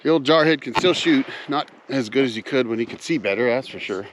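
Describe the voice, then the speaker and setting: A man's voice: mid-range voice, animated, fairly quick, noisy background. A man chatting casually to his viewers as he walks around wooded land outdoors, talking in a folksy way and calling them folks. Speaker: vlogger, off-grid cabin builder. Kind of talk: casual vlog narration while walking.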